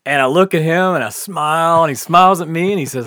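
A man's voice: on the high side, quick pace, hardly any pauses, no echo, clean studio sound. A man casually telling a long, funny story, laughing often, swearing, and acting out what people said. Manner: animated, laughing, swears often, acts out quotes. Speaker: podcast guest storyteller.

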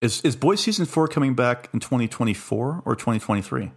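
A man hosting a podcast in casual chat, hoarse and losing his voice as he rambles through plugs and thanks. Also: medium pitch, expressive, fairly quick. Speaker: podcast host.

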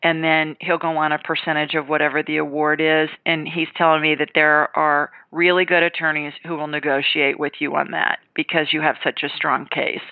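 A woman's voice: sits low, no echo. A woman hosting a radio call-in show, giving readings to callers and answering emails in a confident, emphatic, conversational way. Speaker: psychic call-in show host. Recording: tinny phone-like radio sound.

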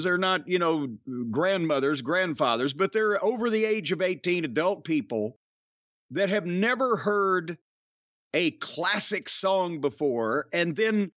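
A man's voice: high-pitched, fairly bright tone, no echo, highs cut off. A man with a Southern US accent, hosting a podcast in a long-winded, sardonic, profane way. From Southern United States. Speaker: podcast host. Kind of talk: casual rambling chat.

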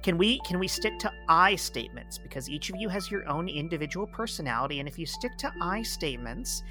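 A man playing a calm, soothing therapist in an improvised comedy podcast. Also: a little high, fairly quick, soft background music.

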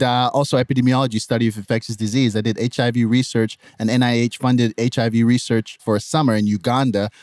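A young adult man from Nigeria with a Nigerian accent, telling his life story in a lively, conversational way as a podcast guest. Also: no echo, studio quality. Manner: animated, jumps into high mimicking voices when quoting others.

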